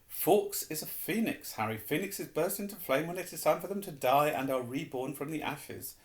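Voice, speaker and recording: A man doing a slow, kindly old wizard headmaster. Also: a little high, expressive, pitched above the performer's own voice, close to an everyday voice. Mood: amused calm. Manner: slow, measured, kindly delivery. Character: gentle elderly male headmaster wizard, calm and wise. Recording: roomy echo.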